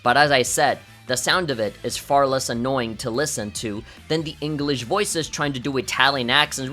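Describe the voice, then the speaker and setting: A man in his thirties narrates a scripted game review in a bright, forward voice. He sounds opinionated and sardonic, with mid-range pitch. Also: moderate pace, few pauses, faint music behind. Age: 30s. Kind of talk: scripted video review commentary.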